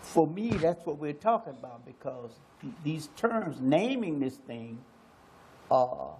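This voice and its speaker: Slow-speaking, musing man. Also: fairly high pitch, big pitch swings, mellow, a little hiss or hum. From United States. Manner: musing, repeats phrases, many hesitations. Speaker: panelist. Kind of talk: slow reflective panel talk.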